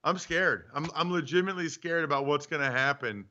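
A man co-hosting a casual sports show from home, teasing and animated, acting out little bits. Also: on the high side, brisk. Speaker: co-host. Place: home studio. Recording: dull lo-fi remote audio.

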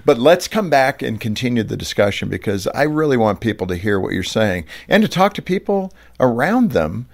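A man's voice: mid-range voice, sing-song, normal speed, vocal fry, few pauses. A man hosting a radio interview, affirming his guest with short replies and steering the talk. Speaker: radio show host. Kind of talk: conversational interview.

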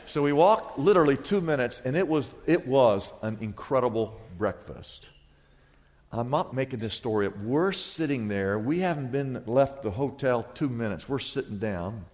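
A man preaching a sermon as pastor, telling stories with big swings between loud and soft. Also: big-room sound. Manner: animated storytelling with wide swings in pitch and volume.

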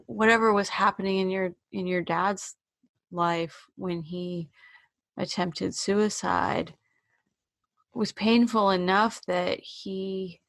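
A woman interviewer speaking slowly and gently, thoughtful, often pausing and restarting. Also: mid-range voice, no room sound. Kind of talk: personal interview.

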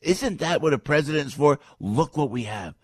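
A man's voice: a little high, lively intonation, moderate pace, slightly rough, no echo, clean studio sound. An older man ranting in political commentary, rambling and exasperated, with frequent stops and restarts.

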